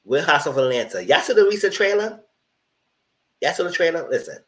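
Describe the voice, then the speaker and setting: A man giving casual, animated commentary on reality TV, voice only, speaking straight to his viewers in slangy talk. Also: on the high side, quick pace, poor audio. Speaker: TV review host. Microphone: voice only, no camera.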